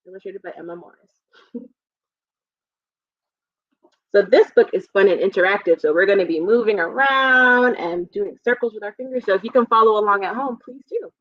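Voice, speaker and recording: A woman's voice: medium pitch, fairly quick, hardly any pauses, no echo, muffled recording. Cheerful woman reading a children's storytime. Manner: gentle, encouraging, reads aloud then explains simply. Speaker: children's librarian.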